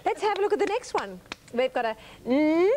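Woman, high and sing-song, coaxing little kids through a studio game; hissy 1980s TV tape. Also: big pitch swings, fairly quick. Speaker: children's television host. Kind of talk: teaching preschoolers in a studio. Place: television studio with children.

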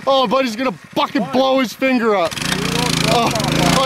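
A man filming his friends outdoors, giving profane, excited play-by-play and laughing and hollering often. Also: very high voice, a little slow. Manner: swears constantly, laughs, hollers. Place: outdoors in a yard. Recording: outdoor camera audio with engine noise. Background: small engine revving.

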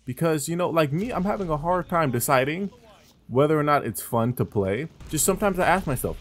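A man's voice: on the high side, lively intonation, a little fast. A man giving live gameplay commentary, exasperated and swearing as he trash-talks opponents and teammates and asks his viewers questions. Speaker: gaming streamer.

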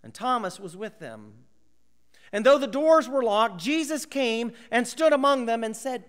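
A male pastor preaching a sermon, acting out voices of biblical characters and dropping to a hushed whisper for emphasis. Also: extremely high pitch, big pitch swings, normal speed, long reverb tail.

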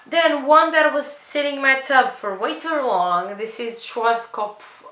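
A woman's voice: high voice, measured pace, a bit bright. Chatty, dramatic woman vlogger, echoey room. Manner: chatty, dramatic complaints, self-mocking. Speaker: beauty vlogger. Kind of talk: casual product review. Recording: echoey room with faint noise.

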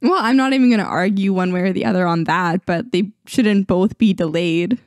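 A young woman co-hosting a casual podcast with her husband, her voice hoarse from a sore throat, laughing often and poking fun at herself. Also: on the low side, a little fast, darkish tone, no room sound, studio quality. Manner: laughs often, self-deprecating. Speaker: podcast co-host. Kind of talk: casual chat. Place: home, on a couch.

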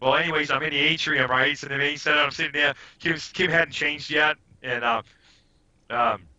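A man guesting on a podcast, telling rambling, animated stories in casual chat and often trailing off and restarting. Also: fairly high pitch, normal speed. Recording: dull lo-fi audio.

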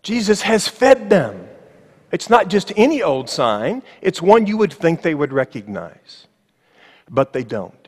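Male pastor, sermon in a church sanctuary; higher voice, emphatic and slow on key lines, wry asides, long reverb. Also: big pitch swings, a little mellow, slightly rough. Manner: emphatic, slowing on key phrases, with ironic asides.

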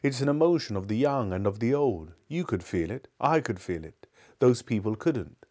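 A man's voice: medium pitch, expressive, moderate pace, darkish tone, close to an everyday voice. A man reading aloud and voicing a shy, fussy, wistful older Englishman who speaks hesitantly. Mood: earnest.

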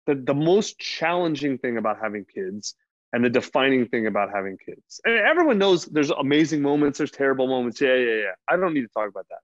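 A man's voice: medium pitch, very animated, brisk, dry recording. A man guesting on an interview show, telling a personal story in a candid, rambling way, full of fillers and casual swearing. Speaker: podcast guest. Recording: dull dry lo-fi sound.

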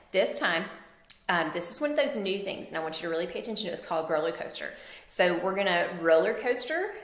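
A woman teaching a phonics lesson to young children, slowly sounding out word parts and praising answers. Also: lowish voice, echoey room.

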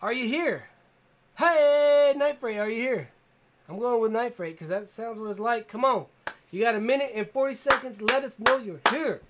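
A man's voice: very high-pitched, brisk, pushed and bright, slight background noise. Upbeat man hosting a giveaway stream. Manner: upbeat, calls out to viewers and reads comments aloud. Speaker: tool channel livestream host. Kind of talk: casual livestream giveaway chat.

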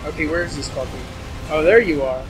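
Guy with a high voice swearing his way through a game, loud game music behind him. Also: fast talker. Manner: profane, easily frustrated, rambling. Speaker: gameplay commentator. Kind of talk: let's play commentary.

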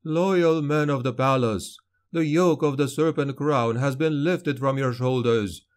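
A man's voice: mid-range voice, unhurried, voice pushed up, lightly acted. A man voicing a fierce young male rebel leader in an audiobook, speaking with impassioned force. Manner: shouting, impassioned.

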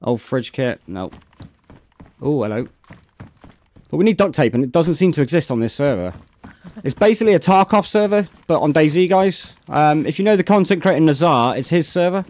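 A British man with a fairly high voice talks casually through a live game stream. He keeps up easy commentary and warmly names viewers as they arrive. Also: animated, normal speed. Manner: greets chat viewers by name between gameplay remarks. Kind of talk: casual live-stream chat while playing.

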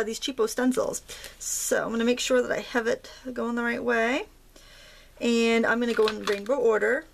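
A woman's voice: fairly high pitch, gravelly, slight background noise. A woman from Maine with a light Maine accent, chatting and joking her way through a casual craft demonstration at home. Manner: chatty, jokey, thinks aloud while working. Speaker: craft tutorial host.

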